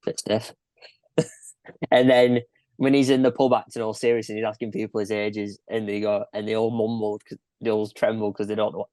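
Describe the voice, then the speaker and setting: Young podcast co-host, easygoing, low voice, dry close mic. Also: male voice, darkish tone, no room sound. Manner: laid-back, laughs often, repeats himself. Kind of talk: casual film-review chat.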